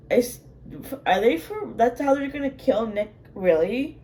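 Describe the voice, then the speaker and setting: A woman's voice: fairly high pitch, expressive, a little slow, warm tone, slight background noise. A woman hosting a reaction video, talking casually and emotionally, repeating herself and trailing off mid-sentence. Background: show soundtrack music playing.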